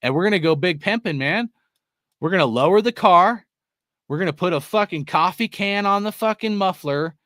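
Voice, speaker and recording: Young dude ranting casually, swears a lot, bright voice a bit high, dry sound. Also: male voice, animated, moderate pace, no room sound. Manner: profane, rambling, laughs often, says bro and dude. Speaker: sports fan show host. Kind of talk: casual rant to viewers.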